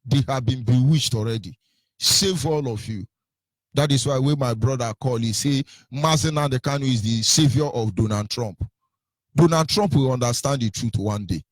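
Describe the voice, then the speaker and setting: A husky man delivers impassioned political commentary. He repeats his rhetorical questions again and again. The recording is dry and close, with no room sound. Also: medium pitch, normal speed, no room sound. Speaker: radio commentator.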